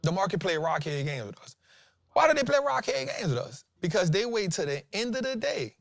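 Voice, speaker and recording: Animated fortysomething man host, dry sound. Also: high-pitched, fairly quick, gravelly, no echo. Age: 40s. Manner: animated, emphatic, repeats lines for effect, slangy. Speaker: stock trading show host. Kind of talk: casual trading talk and chart breakdown.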